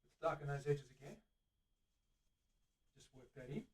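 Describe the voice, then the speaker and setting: A man's voice: mid-range voice, moderate pace, recorded from a distance. A middle-aged man with an Australian accent, hosting a live-streamed workshop demonstration and chatting eagerly to viewers while he works. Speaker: luthier host. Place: guitar workshop. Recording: voice from away from the mic.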